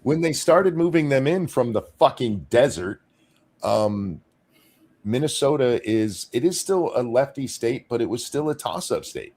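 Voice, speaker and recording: A man's voice: medium pitch, sing-song, a little slow, darkish tone. A man hosting a casual live-stream talk show, opinionated, reading viewer comments aloud. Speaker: show host reading chat.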